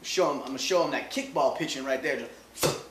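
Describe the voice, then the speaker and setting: A man hosting a comedy show, riffing loudly on sports with mocking asides. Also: medium pitch, very fast, roomy sound, background noise. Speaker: host.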